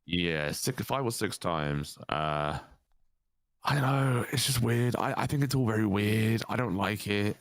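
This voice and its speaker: A British man co-hosting a casual chat show, talking in an animated way, swearing and laughing often. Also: lowish voice, measured pace, no room sound. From Britain. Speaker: co-host.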